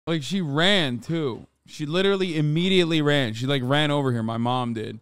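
A man's voice: on the high side, moderate pace, hardly any pauses, noisy background. A man in his thirties streaming live, talking casually and profanely, ranting at his chat while dogs bark nearby. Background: dogs barking.

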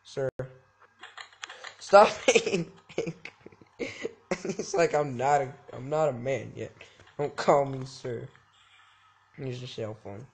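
A man's voice: medium pitch, measured pace, vocal fry, a little mellow, a little hiss or hum. A young man giving goofy, jokey let's-play commentary, talking back to the game's characters. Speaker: gaming YouTuber.

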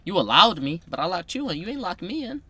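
A man's voice: high voice, sing-song, fast, breathy edge. A young man, teasing his girlfriend in a casual vlog chat. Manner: playful teasing, loud bursts. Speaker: vlogger.

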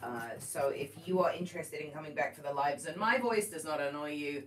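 A woman with a lower voice co-hosting a live painting stream, giving upbeat announcements and passing on viewer comments. She sits away from the mic, and faint room noise hums behind her. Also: fairly quick, far from the mic. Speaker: co-host and chat moderator.

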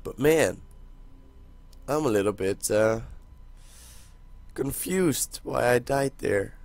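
Hoarse young man narrating his gameplay. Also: medium pitch, slow pace. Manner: excitable, talks to viewers while playing. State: hoarse, voice cracking. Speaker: gaming channel host. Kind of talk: casual let's-play commentary.

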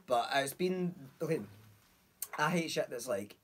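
A man's voice: a little high, lively intonation, normal speed. A young Scottish man, a comedian guest, telling rambling, sweary anecdotes in a casual podcast chat.

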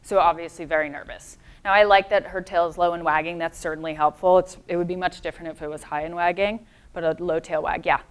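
A woman's voice: on the low side, fairly even intonation, fast talker, clean tone. A woman dog trainer presenting a live seminar, explaining things in a friendly way and answering comments from the audience.

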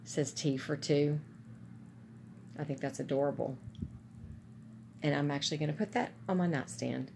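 A woman's voice: low-pitched, moderate pace, vocal fry, pauses often, darkish tone, slight background noise. A woman chatting casually and gushing to her viewers about gifts she is unboxing. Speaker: vlogger.

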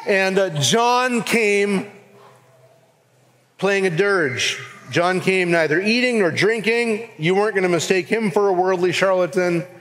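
A pastor with a Southern US accent gives an earnest sermon in a church sanctuary, his high, slightly bright voice moving a little slowly. He acts out the voices he quotes, and a hall's long reverb surrounds the recording.

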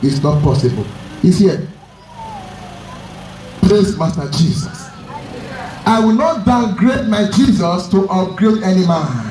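High-voiced preacher in echoey room. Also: male voice, very animated, slow pace, pauses often, mellow, recorded from a distance, slight background noise. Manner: emphatic storytelling, repeats key phrases. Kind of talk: sermon.

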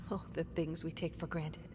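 A tired, wry woman recovering from injury, low voice, horror game dialogue. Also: little pitch movement, unhurried, a little mellow, long reverb tail, slight background noise. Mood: weary. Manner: dry, reflective, self-mocking.

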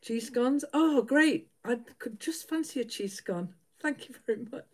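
A woman's voice: on the high side, animated, a little slow, darkish tone. A middle-aged woman, chatting casually with live viewers while she sews, laughing often. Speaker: livestream host.

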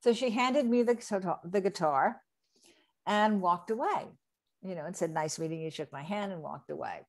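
A woman's voice: lowish voice, normal speed. Woman from New Jersey telling stories. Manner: lively anecdote telling, acting out quoted people. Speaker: interview guest, re-recording mixer. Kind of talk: casual storytelling interview.

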